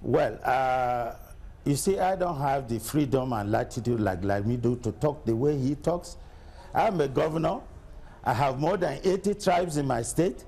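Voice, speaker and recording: A middle-aged Nigerian state governor answers questions in a TV news interview, arguing forcefully with rhetorical questions. He speaks at a moderate pace in a mid-range voice.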